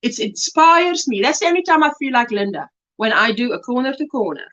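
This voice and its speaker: A South African woman hosting a casual crochet livestream, chatting warmly and reading viewer comments aloud with delight. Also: a little high, lively intonation, a little fast, lo-fi sound.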